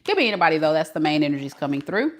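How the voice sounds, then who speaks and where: Her deep voice moves very fast in a sing-song way as she chats casually and laughs with viewers during a live stream. She's a tarot reader in her forties from Southern California, with a light Mississippi twang.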